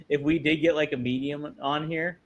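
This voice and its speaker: A man co-hosting a casual podcast, reading viewer chats aloud, agreeable and quick to laugh. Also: on the high side, steady tone, muffled recording. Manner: upbeat, agreeable, laughs often. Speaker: podcast co-host.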